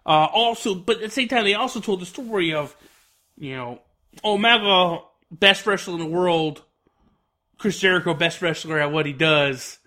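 A man's voice: high voice, normal speed, sharp tone. A man giving an enthusiastic, rambling spoken review, full of fillers. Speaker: wrestling reviewer.

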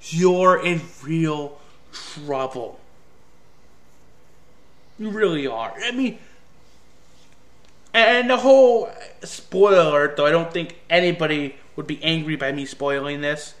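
A man with a high, bright voice delivers a ranting film review. He sounds exasperated and sarcastic, and he swears freely as he picks the movie apart. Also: moderate pace.

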